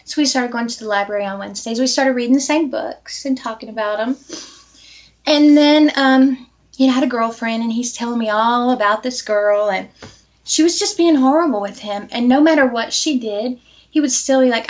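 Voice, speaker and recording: A woman being interviewed, telling a personal story and acting out quoted dialogue with lively energy. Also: on the high side, moderate pace, lo-fi sound. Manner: animated, acts out quoted dialogue.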